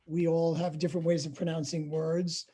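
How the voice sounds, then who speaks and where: A man with a warm, mellow voice hosts an interview. He asks his guests questions in an easygoing, conversational way. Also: fairly high pitch, flat delivery, normal speed, husky. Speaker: interviewer, opera company director. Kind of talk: hosting an interview.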